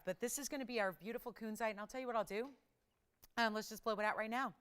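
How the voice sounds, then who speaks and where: A woman hosts a live televised jewelry sale with an upbeat, chatty pitch that keeps moving. Her voice is smooth and clear and sits in an ordinary middle register. She talks from a TV studio. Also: quick pace, fairly bright tone. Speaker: jewelry shopping show host. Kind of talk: live TV shopping sales pitch.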